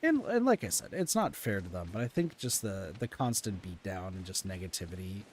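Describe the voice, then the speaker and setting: A man with a deep voice and big pitch swings talks briskly while streaming a game, with a little hiss or hum in the audio. He chats casually, venting and rambling candidly about his frustrations, full of fillers and restarts.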